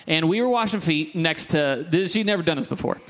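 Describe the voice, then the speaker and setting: In a church sanctuary, a young pastor with a fairly high voice and lively intonation delivers a sermon. He teaches earnestly, breaking off for quick, joking asides to the congregation.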